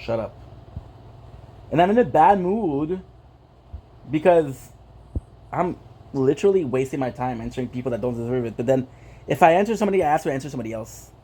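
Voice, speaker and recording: A man whose first language is French rants bluntly to his stream audience, swearing and circling back over the same points. His voice is mellow and warm, sitting at an ordinary pitch for a man. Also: expressive, quick pace, breathy edge. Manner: frustrated, blunt, repeats himself, swears. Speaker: gaming streamer. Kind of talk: casual ranting vlog.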